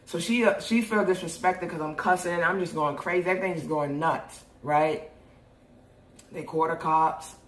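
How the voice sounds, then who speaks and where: Animated, cussing young New woman. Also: fairly low pitch, moderate pace. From New York. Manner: animated, profane, laughs often. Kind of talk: casual storytelling. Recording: roomy echo.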